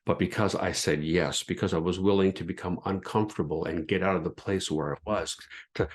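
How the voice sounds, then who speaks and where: Earnest low-voiced man. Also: fairly even intonation, brisk. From Canada. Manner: earnest, reflective, with frequent restarts and filler phrases. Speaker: podcast host and former pastor. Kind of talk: personal storytelling monologue.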